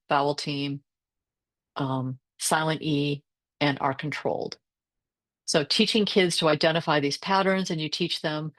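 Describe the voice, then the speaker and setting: A woman's voice: low voice, dry recording. A woman reading tutor presenting a teacher workshop over a video call, explaining her lessons and modelling phonics sounds aloud.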